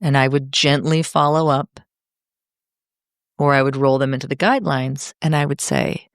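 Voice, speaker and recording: A middle-aged woman talking as a podcast guest in a heartfelt, expressive, emphatic way. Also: extremely low pitch, normal speed, no room sound, clean studio sound. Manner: expressive, emphatic, speeds up when enthused. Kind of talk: heartfelt conversation.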